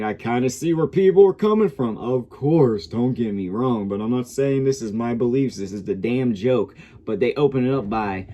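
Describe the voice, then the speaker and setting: A man's voice: mid-range voice, warm tone. A man giving a casual, rambling review of a TV episode, swearing freely as he goes. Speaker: show reviewer.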